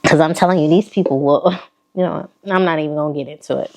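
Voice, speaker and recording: A fashion vlogger with a low voice and a Southern accent talks fast, showing off a clothing haul. She's sassy and animated, chatting casually and speaking straight to her viewers.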